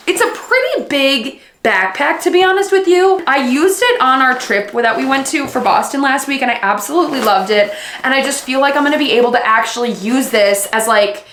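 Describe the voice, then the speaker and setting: A woman's voice: a little high, normal speed, a bit bright, echoey room. Young woman vlogging at home, gushy and chatty, faint hiss in the background. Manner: gushing, filler-heavy. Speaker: book vlogger. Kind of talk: casual vlog chat and unboxing.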